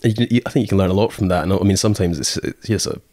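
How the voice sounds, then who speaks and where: Deep-voiced Scottish man, chatty. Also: rapid-fire, darkish tone, no echo, clean studio sound. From Scotland. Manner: rambling, lots of fillers, acts out quotes. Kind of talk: casual chat.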